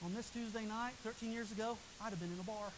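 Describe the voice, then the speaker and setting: A man preaching a revival sermon, his voice often taken for a woman's, swinging from soaring high shouts to hushed low asides. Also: fairly even intonation, quick pace, noisy background.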